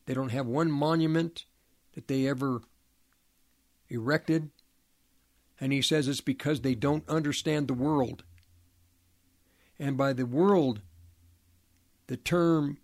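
A man giving a preaching monologue, halting and often repeating or restarting words, pressing his points with emphatic rhetorical questions. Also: mid-range voice.

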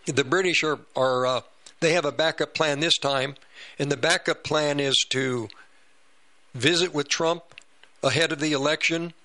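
A man's voice: a little high, fairly even intonation, normal speed, pushed and bright. A man hosting a political talk radio show, rambling and repeating himself as he comments.

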